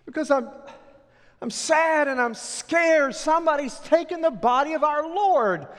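A man's voice: very high-pitched, animated, unhurried, fairly bright tone, big-room sound, voice pushed up, full character voice. Preacher putting on a frantic grieving woman. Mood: pleading. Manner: frantic, breathless pleading. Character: distraught young woman seeking a body. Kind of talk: sermon storytelling.

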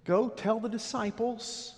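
Preacher doing a gentle, calm teacher. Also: male voice, high voice, slow pace, long reverb tail, pitched above the performer's own voice. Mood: urgent. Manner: tender, then urgent instructions. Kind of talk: sermon storytelling.

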